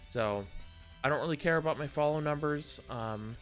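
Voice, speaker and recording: A man's voice: on the high side, unhurried, fairly bright tone. Male streamer, casual live chat, rambling and self-interrupting, faint guitar music underneath. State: a bit out of breath.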